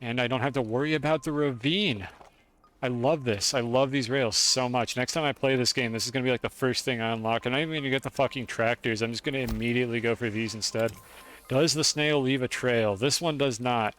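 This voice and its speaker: A man's voice: medium pitch, steady tone, a little fast, a bit bright, soft background music. Chatty, profane male game streamer. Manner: chatty, profane, talks to chat. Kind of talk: casual game-stream commentary.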